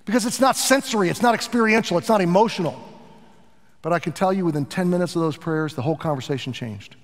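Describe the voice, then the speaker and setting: A middle-aged pastor preaching a sermon in an earnest, animated way, with asides to his congregation. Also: high voice, quick pace, in a large hall.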